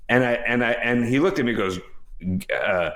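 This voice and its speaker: A man's voice: medium pitch, normal speed, fairly bright tone. A man in his fifties co-hosting a podcast, telling rambling, self-correcting anecdotes in a casual chat with chuckles along the way. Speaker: podcast co-host.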